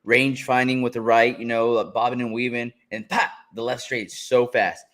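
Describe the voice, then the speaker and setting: Laid-back man breaking down fights. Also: mid-range voice. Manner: relaxed, laughing, drawn-out play-by-play. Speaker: co-host. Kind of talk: casual fight reaction chat.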